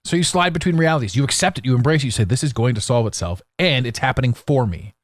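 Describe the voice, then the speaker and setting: A man hosts his own podcast alone, speaking bluntly with a sarcastic edge and stumbling restarts. His pitch swings widely as he gets worked up. The recording is dry and close, with no room sound. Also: animated, quick pace, no echo. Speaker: podcast host. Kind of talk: solo podcast monologue.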